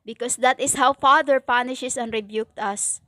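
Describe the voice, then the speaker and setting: A woman preaching a stern religious monologue in halting non-native English, with many fillers and emphatic repetition. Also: fairly high pitch, steady tone, sharp tone, a little hiss or hum. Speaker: self-styled prophetic preacher.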